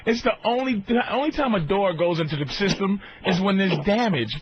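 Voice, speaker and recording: Very high-voiced male radio co-host. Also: a little hiss or hum. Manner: interjects with quick teasing questions. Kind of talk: casual studio banter. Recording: dull lo-fi radio broadcast.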